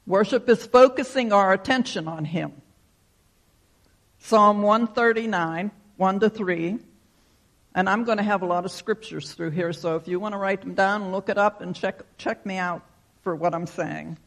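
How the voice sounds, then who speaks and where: A man's voice: high-pitched, normal speed, vocal fry. A man preaching a sermon, telling a folksy story and leading a prayer. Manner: folksy storytelling, acts out shouted quotes. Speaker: pastor.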